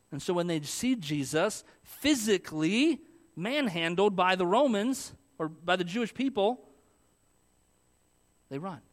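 A man's voice: high voice, lively intonation, measured pace. Man preaching a conversational sermon. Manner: conversational preaching, asks the congregation questions. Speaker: pastor.

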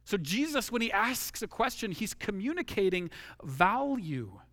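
A middle-aged man delivers a sermon in a high, bright voice, recorded close and dry. He is earnest and keeps returning to his key phrases, sinking lower and slower to drive them home. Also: big pitch swings, no room sound. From Washington state. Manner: earnest, repeats key phrases, drops low and slow for emphasis. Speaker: pastor.

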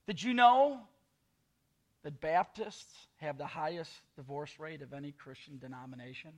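A man's voice: a little high, normal speed. A man preaching a sermon as pastor, with sarcastic asides and quoted scripture.

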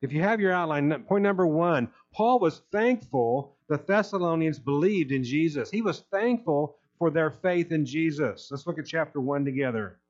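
Male pastor preaching a sermon, emphatic delivery, slightly raised pitch, muffled lo-fi recording. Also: lively intonation, moderate pace, few pauses. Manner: emphatic, reads scripture aloud then explains it. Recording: dull lo-fi recording.

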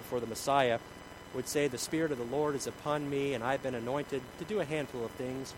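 A man preaching a sermon, shifting from shouts to hushed tones. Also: mid-range voice, noisy background.

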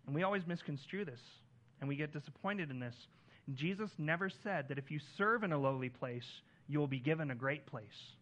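A man preaching a sermon as pastor, earnest, lifting his voice on key lines and dropping it soft on others. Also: on the high side, fairly quick, lo-fi sound.

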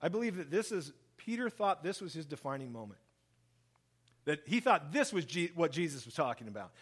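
A man preaching with a slightly raised pitch, reading scripture and commenting on it. He talks in an animated way, dropping low and soft for solemn lines and jumping up when he acts out what people said. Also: brisk, breathy edge. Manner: animated, acts out quoted speech, lively shifts in pitch and volume. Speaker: pastor. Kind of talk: sermon, Bible reading and commentary.

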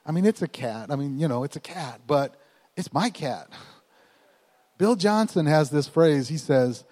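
A man in his forties, a pastor, telling a personal story in a sermon, animated and folksy, with chuckling asides. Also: on the high side, measured pace, in a large hall.

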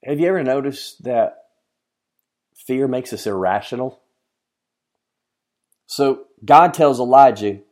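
A man preaching a sermon as a pastor, earnest, often asking the listeners questions and moving from emphatic lines to hushed ones. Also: medium pitch, animated, slow, pauses often. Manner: addresses listeners directly with questions.

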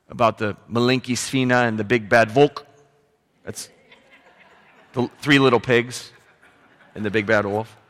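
A man preaching a sermon as pastor, moving from quiet storytelling into loud, emphatic exhortation. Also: medium pitch, long reverb tail.

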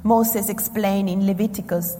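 A woman from Argentina preaching a sermon, slow and emphatic with dramatic pauses, in a church hall. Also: medium pitch, steady tone, warm tone, a little hiss or hum. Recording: long hall reverb.

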